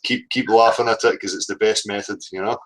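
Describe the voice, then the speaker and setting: A man hosting a call-in show, with a voice sitting low for a man. He talks in a relaxed, chatty way and keeps dropping "you know" into his sentences. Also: fairly quick, a little hiss or hum, poor audio. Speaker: host. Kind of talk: casual phone-in chat.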